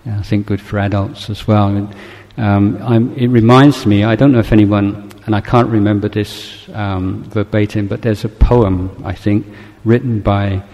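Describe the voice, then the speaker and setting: A man giving a Buddhist dharma talk, telling a story in a gentle, halting, reflective way. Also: on the low side, fairly even intonation. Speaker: Buddhist teacher. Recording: long hall reverb.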